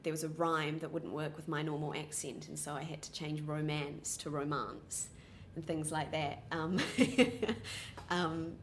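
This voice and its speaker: A young woman with a soft, well-spoken New Zealand accent, answering interview questions casually with many ums and restarts. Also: low voice, flat delivery, normal speed, few pauses, a little hiss or hum.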